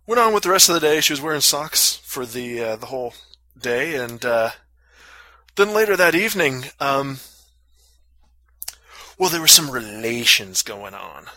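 A man's voice: mid-range voice, lively intonation, moderate pace, pauses often, sharp tone, no echo. A man casually telling a long story on a podcast, full of fillers and crude jokes. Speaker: podcast co-host.

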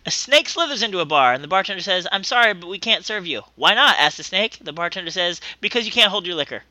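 Bright, animated man swearing through jokes. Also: sits high, fast, dry recording. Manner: profane, exasperated joke-telling. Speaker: podcast co-host. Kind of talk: casual comedy banter. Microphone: remote call mic.

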